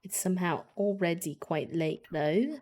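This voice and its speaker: A woman's voice: fairly low pitch, measured pace, dark tone. A woman streamer doing a put-on British accent, playful and exclaiming while she plays a game. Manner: playful, exclaiming when hit.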